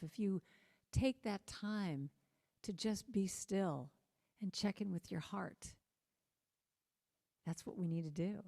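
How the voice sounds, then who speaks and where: A woman with an American accent giving a spiritual talk. She speaks gently and earnestly, slowing down on key phrases. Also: medium pitch, big-room sound. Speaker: musician and inspirational speaker. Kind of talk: spiritual talk with sung chant.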